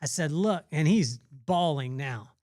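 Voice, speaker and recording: A man with a somewhat high voice, recorded dry and close with no room sound. He gives a casual devotional talk as a podcast host. He is earnest and rambling, repeating phrases as he goes. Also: moderate pace, a little mellow, dry recording.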